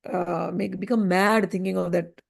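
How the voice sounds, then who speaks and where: A woman teaching a scripture lesson, telling the story in an animated way and acting out the voices in it. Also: fairly low pitch, normal speed, gravelly.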